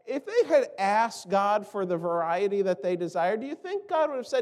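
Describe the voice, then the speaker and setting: A man's voice: high-pitched, expressive, normal speed, hardly any pauses, a little mellow, long reverb tail. A man preaching a sermon in a conversational way, asking rhetorical questions and acting out the complaints he quotes. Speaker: pastor.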